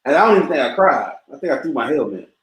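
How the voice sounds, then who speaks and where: A man's voice: on the high side, big pitch swings, rapid-fire, roomy sound, low-quality recording. Laid-back man, repeats himself. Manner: repetitive, laid-back, often says bro. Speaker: podcast co-host. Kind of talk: casual chat.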